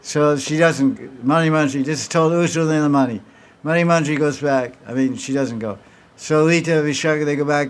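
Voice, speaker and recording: Man telling devotional stories, a touch high. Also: a little fast. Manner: acts out dialogue between characters in storytelling; frequent restarts and repeated words. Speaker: spiritual teacher. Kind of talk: devotional talk with questions.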